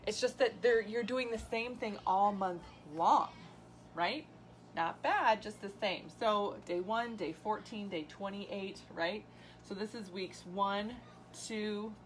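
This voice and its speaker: A woman's voice: medium pitch, slight background noise. A middle-aged woman health coach, chatting casually to camera, laughing often and acting out her clients' complaints. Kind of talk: casual talking-head video lesson. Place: indoors, drawing on a board.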